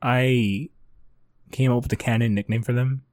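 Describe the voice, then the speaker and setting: A man's voice: medium pitch, steady tone, moderate pace, a little mellow, no echo, clean studio sound. A man co-hosting a casual anime recap podcast, goofy and profane, riffing with nicknames and impressions. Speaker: podcast co-host.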